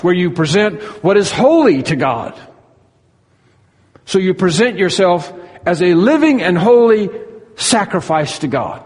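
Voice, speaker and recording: Male preacher, somewhat high voice, earnest teaching sermon, long hall reverb. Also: breathy edge. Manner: earnest expository preaching, stretches key words slowly.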